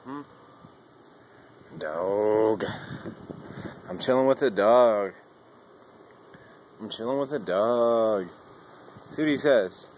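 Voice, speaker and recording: A young man chatting casually to his dog at home, rambling and a little tipsy, switching into a high playful voice for the dog. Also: slow, long pauses, darkish tone, slight background noise. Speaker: vlogger. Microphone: phone camera.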